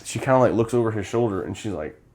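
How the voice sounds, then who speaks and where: A young man with a somewhat low voice co-hosts a casual movie review chat. He retells scenes with animated energy, slipping into the characters' lines as he goes. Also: fast. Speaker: podcast co-host.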